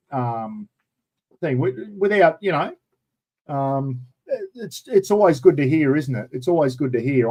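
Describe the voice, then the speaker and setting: A man's voice: a little high, a little mellow, poor audio. An Australian man hosting a casual live chat, rambling and chatty, calling everyone mate. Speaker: livestream host.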